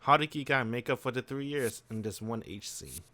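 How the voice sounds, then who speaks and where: A man's voice: mid-range voice, animated, a little fast, pushed and bright, no echo. A man streaming a visual novel, musing aloud in casual slang as he reacts to the story. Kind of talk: casual let's-play commentary.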